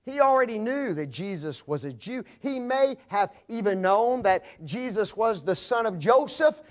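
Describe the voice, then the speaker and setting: A man preaching a sermon to his congregation, speaking to them directly and swinging from loud climaxes to hushed low lines. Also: expressive, moderate pace.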